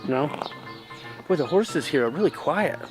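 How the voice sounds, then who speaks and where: A man playing a goofy male roving reporter who questions farm animals in a mock-serious, deadpan way. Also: a little high, unhurried, over music. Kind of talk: comedic sketch narration.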